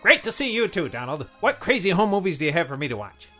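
Brief: man playing a perky, pompous rich miser, high, bright, bouncy delivery. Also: big pitch swings, quick pace, soft background music. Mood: chipper. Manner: cheery, eager, chuckling, pompous. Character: chipper, wealthy miserly politician as Scrooge. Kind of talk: radio comedy sketch.

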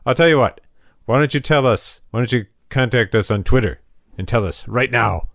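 A man's voice: medium pitch, moderate pace, gravelly, a bit bright, dry recording, clean studio sound. A man co-hosting a comedy podcast, sarcastic and laughing a lot. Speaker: podcast co-host. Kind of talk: casual comedic chat.

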